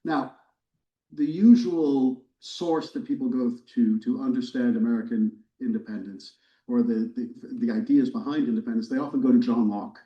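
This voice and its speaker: A man, a history professor, giving a relaxed, wry lecture to a church audience, with casual fillers and restarts. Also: mid-range voice, moderate pace. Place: church hall, recorded live. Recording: roomy, distant, dull lecture recording.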